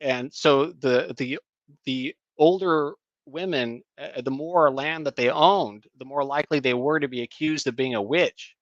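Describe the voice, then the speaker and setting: A middle-aged man, a writing teacher, telling a story in casual conversation, halting with many fillers and restarts. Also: mid-range voice, dry recording, muffled recording. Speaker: guest, creative writing teacher.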